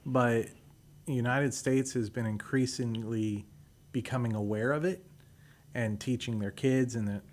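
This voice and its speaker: A man's voice: mid-range voice, steady tone, a little slow, darkish tone. A man as a guest on a radio show, chatting casually with hesitant restarts.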